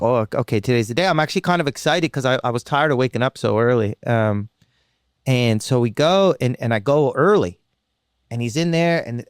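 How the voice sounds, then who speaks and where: A Canadian man, a comedian who used to host radio, tells stories in a chatty, rambling, self-mocking way, often restarting quickly, as if in a casual interview. His voice sits in the mid-range with a clear, resonant tone, and the studio recording is clean with no room sound.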